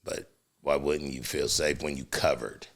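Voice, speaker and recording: A man's voice: rumbling low, measured pace, vocal fry. A middle-aged man, a comedian guest on a podcast, telling stories in a casual, slangy way and acting out the people he quotes. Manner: animated storyteller, slangy, acts out quotes. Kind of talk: casual storytelling chat.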